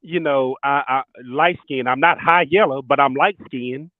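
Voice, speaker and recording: A man calling in to a chat, speaking in a halting, drawn-out way and repeating words. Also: medium pitch, no room sound. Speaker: caller. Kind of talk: casual call-in chat. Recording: tinny phone line.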